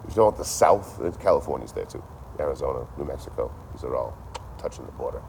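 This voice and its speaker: Man, low bass voice, casual profane ranter, animated storytelling, faint background noise. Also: fast, vocal fry. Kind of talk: casual ranting monologue.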